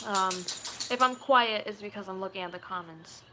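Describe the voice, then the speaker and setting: A woman's voice: medium pitch, normal speed, background noise. A young woman from Rico, rambling playfully as she chats live with viewers from home. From Puerto Rico. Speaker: streamer. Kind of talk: casual live chat answering comments.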